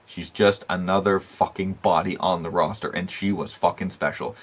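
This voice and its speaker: A man with a lowish voice rants through a casual recap, blunt and profane. He swears nearly every sentence and fills the gaps with "uh" and "um", all in loose, opinionated show talk. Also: moderate pace. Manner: animated rants with frequent fillers and laughs. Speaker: wrestling podcast host.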